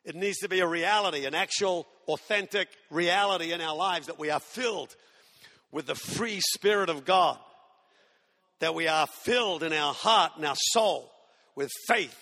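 A man's voice: fairly high pitch, normal speed, pushed and bright, long reverb tail. An Australian man in his sixties, a pastor preaching a sermon with humorous stories and mimicked whiny voices. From Tasmania, Australia. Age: 60s.

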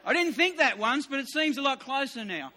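A preacher in his fifties delivers a sermon in a very high, bright voice, animated and brisk. He repeats key lines with rising emphasis, sometimes pushing them to near shouts, while the long reverb of a large hall trails every phrase.

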